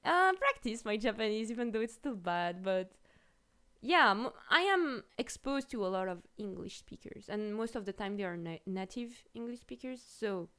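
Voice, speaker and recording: A woman with a French accent, a native French speaker, chatting casually as a stream host, lively and quick to laugh, with many restarts. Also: mid-range voice, clear, resonant tone. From France. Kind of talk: casual chat.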